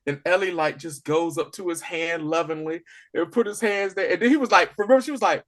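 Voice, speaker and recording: A man co-hosting a podcast, casually recapping a TV episode in animated storytelling, acting out the characters' lines. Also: fairly high pitch, a little fast. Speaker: podcast co-host. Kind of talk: casual spoiler review chat.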